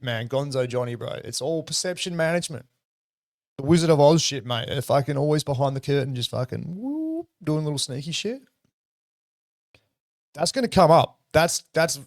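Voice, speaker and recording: A man's voice: medium pitch, dry recording, studio quality. Rambling, profane Australian man. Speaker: livestream host. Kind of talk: casual livestream commentary.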